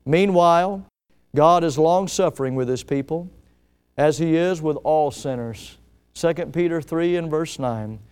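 Dramatic preacher man with a smooth voice. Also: a little high. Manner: dramatic preaching that swells loud then drops to soft, slow emphasis. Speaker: pastor. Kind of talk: sermon.

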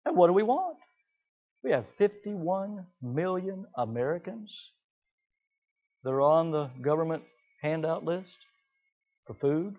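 A man preaching a sermon in an animated way, often mimicking the people he talks about. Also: on the high side, a little slow, long pauses, muffled recording. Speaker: pastor.

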